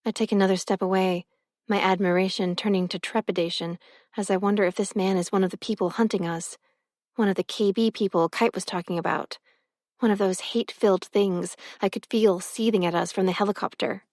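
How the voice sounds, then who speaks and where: A woman reading a first-person novel as an audiobook narrator, expressive and close to the mic. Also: mid-range voice, a little fast, no echo.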